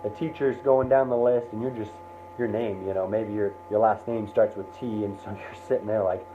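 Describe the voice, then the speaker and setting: A man telling a motivational story in the second person, animated and acting out the scenes, heard over a tinny line. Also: on the low side, normal speed. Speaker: motivational speaker. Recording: tinny phone-like sound, faint noise.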